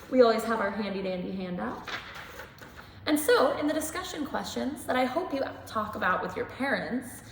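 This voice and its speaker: A woman in her twenties giving a children's Bible lesson in a church, telling stories in an animated way. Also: on the high side, echoey room, big-room sound, a little hiss or hum. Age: 20s. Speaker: church school teacher. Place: church sanctuary.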